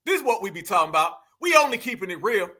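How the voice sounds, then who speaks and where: Man, high voice, very bright tone, profane emphatic commentary. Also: big pitch swings, fast. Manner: profane, emphatic, repetitive, addresses viewers as fam. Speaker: commentary channel host. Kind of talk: casual reaction commentary.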